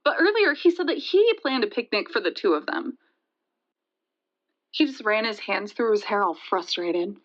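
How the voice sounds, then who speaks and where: A young woman acting in an audio drama, playing a caller who retells a deadly night in a halting way and stumbles over repeated words. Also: medium pitch, expressive, lightly acted. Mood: tense. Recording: dull lo-fi sound.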